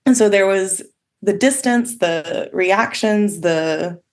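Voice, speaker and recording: A woman appearing as a podcast guest tells candid stories about her own experiences, with frequent fillers and an occasional swear word. Her mid-range voice moves at a slow pace.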